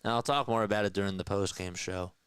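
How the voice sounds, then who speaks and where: A man's voice: lowish voice, fairly even intonation, fast talker, fairly bright tone, clean tone, no echo. A man calling baseball play-by-play on his own live stream, talking back to his chat, audibly frustrated. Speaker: play-by-play caller.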